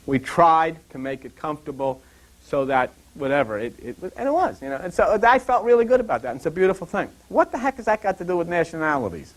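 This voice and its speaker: An older man giving a rambling Bible talk and drifting into funny personal stories in an animated, digressive way. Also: a little high, fast. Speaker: Bible teacher.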